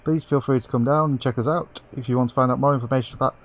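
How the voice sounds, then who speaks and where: A man co-hosting a casual gaming podcast, his voice slowed and robotic from a bad internet connection. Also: medium pitch, steady tone. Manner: reads out show links in a quick, breezy way. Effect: slowed, robotic-sounding internet connection. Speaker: podcast co-host.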